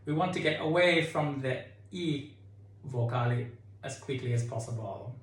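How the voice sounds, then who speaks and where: A man leading a choir tutorial, calmly explaining diction and sometimes singing phrases to show them. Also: medium pitch, moderate pace, faint music behind. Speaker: choir director. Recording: echoey room with keyboard.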